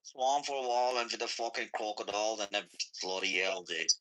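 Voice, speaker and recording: A man's voice: lowish voice, brisk, a bit bright, poor audio. A man with an Australian accent, chatting bluntly and profanely in a casual group call.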